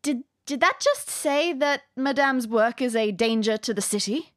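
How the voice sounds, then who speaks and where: Accented young lab assistant, flustered and apologetic, a bit high , put on by a woman. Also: lively intonation, moderate pace, a bit bright, no room sound, clean studio sound. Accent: foreign-tinged. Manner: apologetic, hesitant.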